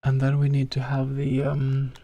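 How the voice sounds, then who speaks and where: A man's voice: medium pitch, monotone, moderate pace, mellow, no room sound. A young man streaming live as a game developer, chatting with viewers, greeting them by name and muttering to himself while he works.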